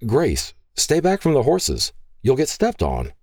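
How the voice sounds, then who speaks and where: A man voicing a rugged cowboy and fatherly rancher who speaks gently and warmly. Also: medium pitch, wildly swooping pitch, measured pace, breathy edge, dry recording, clean studio sound, voice pushed up, exaggerated voice. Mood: gentle.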